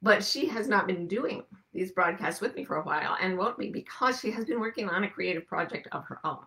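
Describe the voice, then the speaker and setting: A woman's voice: mid-range voice, animated, a little fast, bright, forceful tone. A woman hosting her weekly broadcast, talking to viewers in a rambling, conversational way with frequent asides. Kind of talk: casual monologue to viewers.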